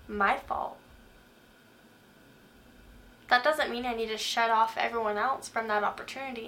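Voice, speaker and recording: A woman's voice: fairly high pitch, sharp tone. A young woman giving a faith-based motivational talk, speaking earnestly and putting direct questions to the listener. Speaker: Christian speaker.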